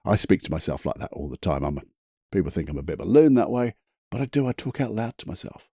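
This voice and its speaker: A man's voice: low voice, big pitch swings, quick pace, dark tone, breathy edge, no echo, studio quality. A man hosting a solo motivational podcast, talking in a chatty, emphatic way, swearing casually and laughing at himself. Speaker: podcast host.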